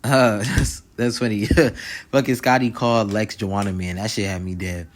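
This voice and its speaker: Slangy, laid-back man with a low voice. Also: fairly even intonation, normal speed. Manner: slangy, rambling, keeps asking "you feel me". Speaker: YouTube reality-show reviewer. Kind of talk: casual episode recap and commentary.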